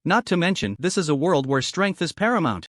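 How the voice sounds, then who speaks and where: A male narrator reads a fantasy recap in an animated, dramatic style, fairly quickly. His slightly high voice swings widely in pitch, and the recording is dry and close.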